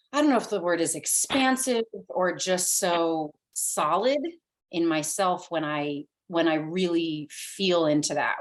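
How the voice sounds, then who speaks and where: A woman talking as a podcast guest, thoughtful and earnest, working through her ideas with lots of fillers. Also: low voice. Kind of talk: casual reflective podcast conversation.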